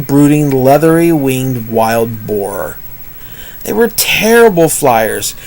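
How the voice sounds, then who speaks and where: A man's voice: on the high side, poor audio. A man improvising a rambling storybook tale, with puns and asides. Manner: rambling, punning, self-interrupting.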